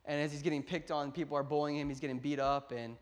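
A young man with a high voice preaches to his congregation. He slips easily between casual, self-amused storytelling and loud, rising exhortation. His delivery is playful and energetic. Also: quick pace. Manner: playful, laughs at his own jokes. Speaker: pastor. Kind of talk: storytelling sermon.

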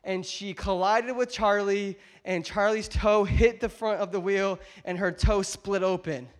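A male pastor preaching a sermon in a church, telling a family story in an animated, joking way and speaking straight to the congregation. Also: sits high, a little slow. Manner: animated, jokey storyteller who addresses the congregation directly. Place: church auditorium.

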